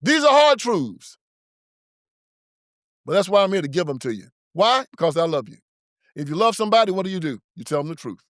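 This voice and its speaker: Fairly high-pitched, expressive and quick, this man's slightly bright voice drives a confrontational, preachy political monologue on the show he hosts. The recording is dry and studio-clean, and his delivery is emphatic.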